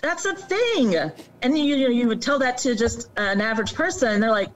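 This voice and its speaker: A woman's voice: fairly high pitch, fast talker, far from the mic, muffled recording. A woman talking as a podcast guest, explaining earnestly and acting out quoted people. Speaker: guest on animal welfare. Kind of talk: casual podcast chat.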